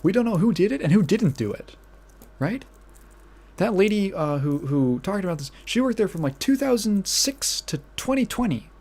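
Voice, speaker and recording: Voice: medium pitch, very animated, normal speed, a little mellow, breathy edge. A podcast host ranting casually, outraged and incredulous, swearing and repeating phrases with bursts of laughter.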